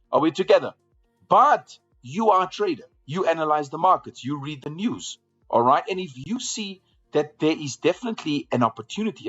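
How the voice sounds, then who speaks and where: A man's voice: fairly high pitch, a bit bright, slightly rough, muffled recording. A man hosting a live trading room, giving market commentary and often repeating phrases to draw viewers along.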